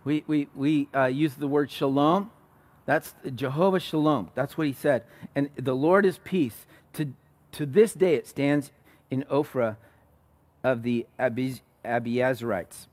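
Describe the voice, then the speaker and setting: A man preaching a sermon, retelling a story with animated, acted-out quotes and frequent restarts. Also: mid-range voice, unhurried. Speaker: pastor.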